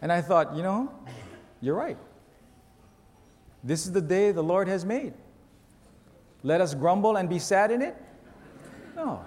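A man with a high voice preaches a storytelling sermon, lively and poking fun at himself. His voice rings out through the long reverb of a big church hall. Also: a little slow, pauses often. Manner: animated storyteller with self-mocking humor. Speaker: pastor.

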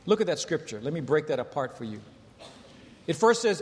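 A man's voice: high voice, animated, moderate pace, long pauses, darkish tone. A man in his thirties preaching a sermon, telling stories in a conversational way and asking the congregation rhetorical questions. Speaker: pastor. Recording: long hall reverb, faint ambience.

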